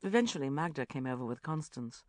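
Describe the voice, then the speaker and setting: A woman reads a comic novel in the first person with a wry, lively delivery. Her pitch moves widely. The recording is dry and close. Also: fast talker, dry recording. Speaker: audiobook narrator. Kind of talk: first-person audiobook narration.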